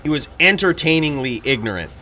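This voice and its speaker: Very animated and a little fast, this man's slightly high voice has a sharp tone, with a faint hiss or hum in the recording. He hosts a live stream, swearing casually and sharing blunt opinions, then moves on to calling game fights.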